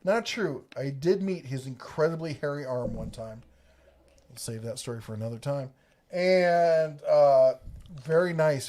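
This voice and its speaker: A man's voice: a little high, lively intonation, a little slow, dark tone. A middle-aged man from the Ohio and Kentucky area hosts a casual livestream, reading viewer comments in a rambling, jokey way that keeps breaking off mid-sentence. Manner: rambling, self-interrupting, jokey. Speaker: host of a tool livestream.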